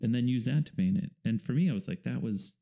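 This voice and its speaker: A man, a painter and the guest, talking casually in an interview and explaining things in a relaxed, rambling way with fillers. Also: mid-range voice, quick pace, muffled recording.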